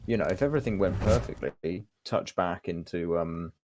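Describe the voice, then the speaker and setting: A man's voice: low-pitched, moderate pace, background noise. A man giving casual, chatty game commentary, thinking aloud as he goes.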